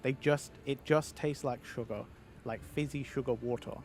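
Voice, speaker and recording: A man's voice: mid-range voice, steady tone, moderate pace, darkish tone, slight background noise. A British man streaming a game in casual chat, rambling, swearing and answering his viewers.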